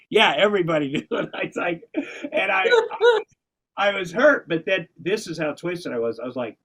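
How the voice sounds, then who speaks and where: A man hosting a podcast, with a voice pitched a little above the usual man's. He rambles through his stories, breaks off and starts again, and swears in passing. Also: a bit bright, breathy edge, low-quality recording. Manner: rambling, self-interrupting storyteller, swears casually. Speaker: podcast host. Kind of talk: casual chat.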